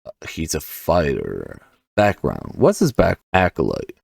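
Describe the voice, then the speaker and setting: A man's voice: very deep voice, huge pitch swings, measured pace, vocal fry, slightly rough, no echo, clean studio sound, far from the mic. A man hosting a podcast, casually thinking aloud while setting up a tabletop game. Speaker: podcast host and solo game player.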